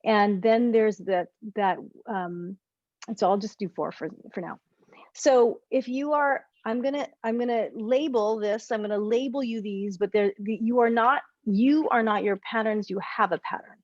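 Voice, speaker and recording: A woman's voice: a little high, normal speed, no echo, lo-fi sound. Rambling woman coaching over video call. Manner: rambling, self-correcting, animated explanations. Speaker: relationship coach. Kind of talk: group coaching session.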